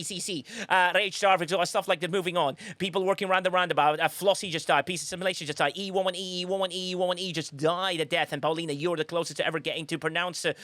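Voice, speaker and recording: A man with a fairly high voice calls a marble race on a live stream, jumping between jokes, shout-outs and play-by-play. His delivery is excitable and playful, and the sound is close and dry, with no room around it. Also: no room sound. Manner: jokey, excitable, slips into mock accents.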